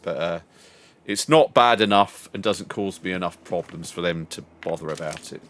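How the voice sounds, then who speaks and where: An older man streaming a game, chatting casually and telling a long rambling story, putting on higher voices when he quotes people. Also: moderate pace, background noise. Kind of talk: casual chat while gaming.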